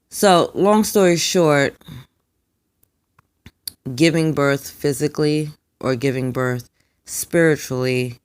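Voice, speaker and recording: A young adult woman, a spiritual card reader, telling a personal story in an emphatic, animated way and acting out the quotes. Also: rumbling low, clear, resonant tone.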